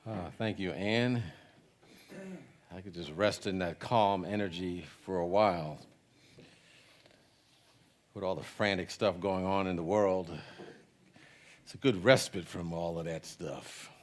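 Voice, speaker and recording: A man with a Jamaican accent preaching a sermon in a relaxed, conversational, joking way. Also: low-pitched, unhurried, pauses often. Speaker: pastor. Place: church sanctuary.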